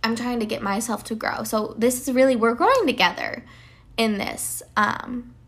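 Young female podcast host, relaxed solo chat, loose and filler-filled delivery, a touch high-pitched. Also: normal speed. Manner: rambling, many "like" fillers and restarts. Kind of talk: casual solo podcast talk.

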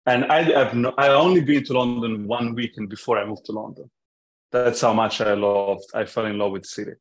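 A man from Italy, a podcast guest telling stories in a relaxed, jokey way with frequent restarts. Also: medium pitch, a little fast. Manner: storytelling, jokey, many restarts. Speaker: app founder, podcast guest. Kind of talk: casual chat.

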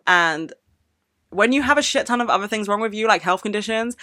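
Young female podcast host, blunt and sweary, rambling casual chat, bright forward tone, close dry mic. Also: medium pitch, lively intonation, a little fast, no echo. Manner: candid, profane, rambling with many "like"s.

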